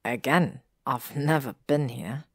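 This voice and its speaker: A haunted young man, pitched low with a gravelly edge, drawls his urgent pleas slowly, as a woman reads him aloud. The audiobook sound is dry and close. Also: no room sound, heavily acted. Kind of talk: audiobook reading of fan fiction.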